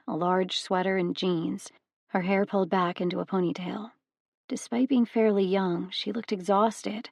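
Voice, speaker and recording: A woman narrating an audiobook with measured, even storytelling. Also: fairly low pitch, vocal fry, dry recording, studio quality. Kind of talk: scripted narration.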